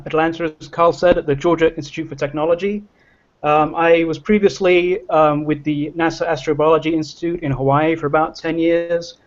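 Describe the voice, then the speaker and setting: Hesitant man on a dull video call. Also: a little high. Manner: hesitant, self-deprecating, many ums. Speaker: panel guest, researcher. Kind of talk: casual self-introduction.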